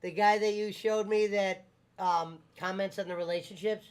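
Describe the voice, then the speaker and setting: High-voiced man teasing bluntly. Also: fairly even intonation, normal speed, clear, resonant tone. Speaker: podcast host. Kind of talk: casual chat. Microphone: studio microphone.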